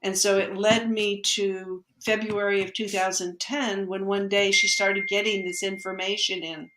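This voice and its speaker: An energy healer guesting on a podcast relates a personal story at a measured pace, her mid-range voice set against slight background noise in an echoey room. She tells it with energy, acting out the dialogue of everyone involved.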